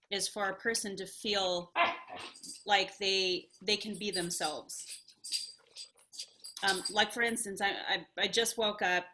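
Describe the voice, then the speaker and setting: A woman sharing her thoughts in a casual group video call, thoughtful and hesitant, with many pauses and fillers. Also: mid-range voice, noisy background. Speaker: study group participant.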